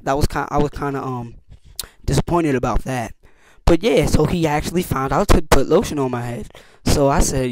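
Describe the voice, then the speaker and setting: A teenage boy telling camp stories in a casual vlog, slangy and animated, acting out what people said with big jumps in his voice. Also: medium pitch, normal speed, no echo. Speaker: youtuber.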